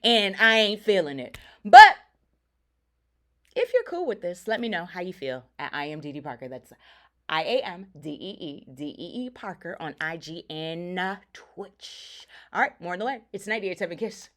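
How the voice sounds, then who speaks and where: Woman radio host, animated and sassy, casual talk-show delivery, bright voice. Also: on the low side, normal speed.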